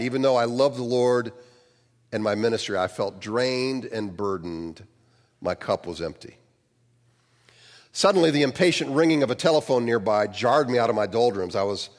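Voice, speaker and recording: A minister telling a first-person testimony in an animated way, acting out the dialogue. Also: male voice, medium pitch, long reverb tail.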